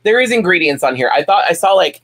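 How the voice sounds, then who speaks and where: A man's voice: high voice, expressive, fast, fairly bright tone, a little hiss or hum. A man hosting a casual live stream at home, chatting and reading viewer comments, rambling with many fillers and restarts.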